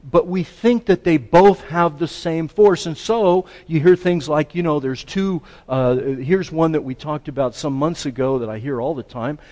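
A man's voice: a little high, moderate pace, hardly any pauses, a little mellow. A man preaching a sermon to a class, earnest and building to emphatic stress, often restarting his sentences. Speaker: pastor teaching a class.

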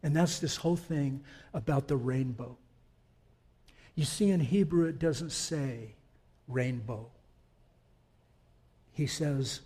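A male pastor preaching a sermon, moving from quiet, conversational explanation with asides to the congregation into loud, emphatic declarations. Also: mid-range voice, takes it slowly, long pauses, slightly rough.

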